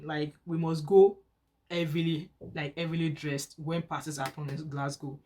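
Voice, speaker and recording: A woman in her thirties with a Nigerian accent talks casually to her camera. Her voice is chatty and animated, climbing higher whenever she gets excited. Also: normal speed. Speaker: vlogger.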